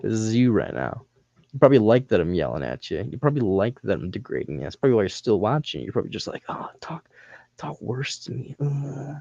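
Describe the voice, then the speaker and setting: Guy yelling insults at his stream chat, swears nonstop, dry muffled mic. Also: lowish voice, sing-song, quick pace, vocal fry, no echo. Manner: profane, taunting, yelling insults. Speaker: livestreamer. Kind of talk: angry livestream rant at chat.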